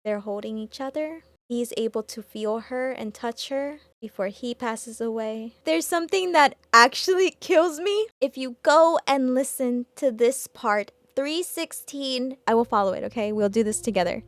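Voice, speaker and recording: A woman hosting a reaction video, talking emotionally and stumbling over her words as she gets excited. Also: on the high side, normal speed, hardly any pauses, no room sound.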